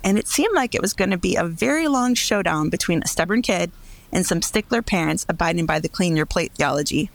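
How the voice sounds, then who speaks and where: A woman's voice: fairly low pitch, expressive, a little fast, dry recording. A woman from Minnesota narrating a childhood story in a wry, descriptive way.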